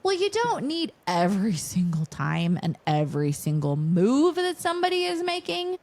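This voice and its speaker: A woman's voice: mid-range voice, wildly swooping pitch, normal speed, darkish tone. A woman in her forties co-hosting a podcast, talking in a chatty, rambling way. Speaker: podcast co-host. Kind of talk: casual chat.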